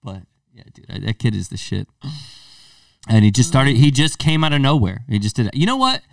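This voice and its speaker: A man's voice: medium pitch, a little fast, vocal fry, no echo, clean studio sound, recorded from a distance. A young man co-hosting a podcast, telling stories in a casual chat, swearing freely and acting out what people said. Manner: animated storyteller, swears freely, acts out quotes. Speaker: podcast co-host.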